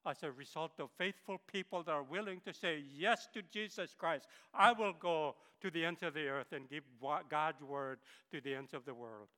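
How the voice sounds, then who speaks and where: A missionary pilot from the northern Philippines, appearing as a guest speaker, delivers an impassioned sermon testimony in a church. His voice is fairly high and sharp, running at normal speed with few pauses, and the recording carries a big-room sound.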